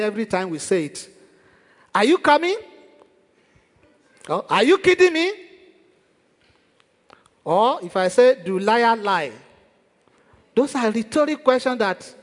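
High-voiced pastor preaching in a hall. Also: male voice. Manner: preaching with rhetorical questions and refrains of praise. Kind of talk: sermon.

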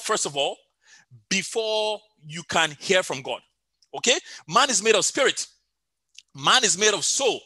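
A man's voice: high-pitched, bright, forceful tone, no echo. A middle-aged man preaching a sermon over an online call, telling a story with many fillers and repeated phrases.

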